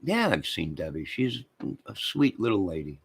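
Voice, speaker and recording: Low-voiced man rambling on a livestream. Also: sing-song, moderate pace, vocal fry, slightly rough. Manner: rambling, crude, talks to chat viewers. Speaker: livestream host.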